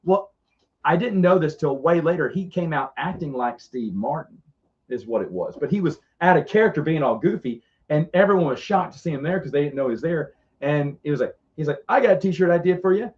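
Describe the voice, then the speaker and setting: A middle-aged man telling rambling, animated stories as a podcast co-host in casual chat. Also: on the high side, brisk. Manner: rambling, animated, frequent restarts. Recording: dull lo-fi sound.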